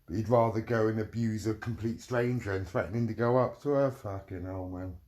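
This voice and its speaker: A man's voice: lowish voice, a little fast, darkish tone. A middle-aged man delivering a heated, profane rant, repeating himself as he vents. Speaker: vlogger. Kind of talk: angry ranting monologue.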